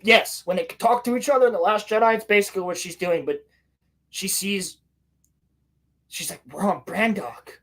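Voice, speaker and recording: A man's voice: high voice, a bit bright. A man hosting a podcast, recapping a show in casual, crude, sarcastic chat. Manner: crude, sarcastic, acts out dialogue in quick asides. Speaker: podcast host.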